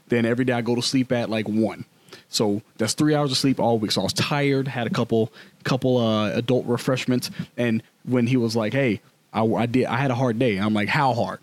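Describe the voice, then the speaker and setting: A man's voice: mid-range voice, brisk, no echo. A man in his thirties, a podcast co-host, telling candid stories in casual chat full of slang. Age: 30s.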